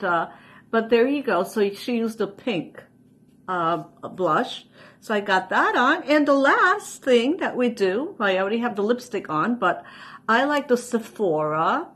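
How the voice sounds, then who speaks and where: A woman in her sixties walks viewers through her makeup in an easy, homely way. Her voice sits fairly high and she takes her time. Each step is explained as she goes. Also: lively intonation, a little slow, fairly bright tone. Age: 60s. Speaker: show host doing a makeup tutorial. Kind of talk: casual makeup demonstration chat.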